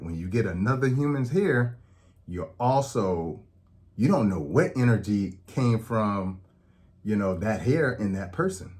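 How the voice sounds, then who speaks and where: His voice lowish and a little mellow, a health educator speaks directly to camera in a conversational, explanatory style. He often says "okay?" to check in and acts out quoted speech in his anecdotes.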